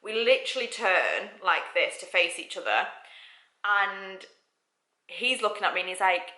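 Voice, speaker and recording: A young woman from England, a radio presenter, telling a story in a casual vlog, chatty and excitable, full of "like" and "oh my God". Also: mid-range voice, measured pace, reverberant, low-quality recording.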